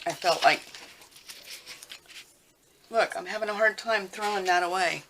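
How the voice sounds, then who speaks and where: A woman talking casually while she works on a craft project at home, rambling and thinking out loud with lots of fillers. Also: medium pitch, unhurried. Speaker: crafting vlogger. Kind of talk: casual craft tutorial chat. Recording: noisy with clicking sounds.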